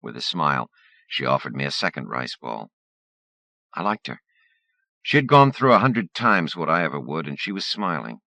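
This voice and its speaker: A man reads a first-person short story aloud in a low, deep voice that still moves a lot in pitch. His tone is bright and forward, and the recording is close and dry. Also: sing-song, normal speed, vocal fry, dry recording. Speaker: audiobook narrator. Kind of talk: first-person audiobook reading.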